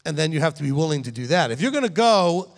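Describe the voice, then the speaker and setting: The congregation's founder, a middle-aged rabbi, speaks quickly in a voice on the high side. His sermon is conversational, animated, and emphatic, full of direct "okay?" check-ins with listeners, and the hall gives it a long reverb.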